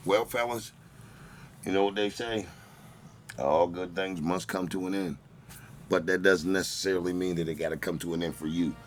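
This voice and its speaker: A male podcast host in casual chat, with a relaxed, playful delivery. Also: deep voice, moderate pace, long pauses, a little hiss or hum.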